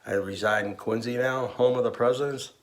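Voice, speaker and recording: A man's voice: mid-range voice, steady tone, brisk. A man from South Boston with a Boston accent, talking with joking tough-guy swagger.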